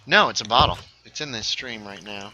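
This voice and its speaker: A man's voice: fairly low pitch, fairly quick, sharp tone, a little hiss or hum, low-quality recording. A young man casually chatting while streaming a game, a little tipsy, rambling with lots of fillers. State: slightly tipsy. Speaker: livestreamer. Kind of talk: casual gaming stream chat.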